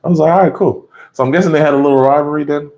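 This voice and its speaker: A man giving a casual, profane, animated recap of an anime episode, often laughing and acting out the scenes. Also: fairly high pitch, rapid-fire, lo-fi sound.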